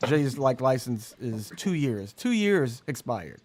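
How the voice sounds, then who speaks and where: A man hosting a comedy podcast, telling stories in a casual, animated way and jumping into loud impressions of the people in them. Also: fairly high pitch, measured pace, slight background noise. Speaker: podcast host.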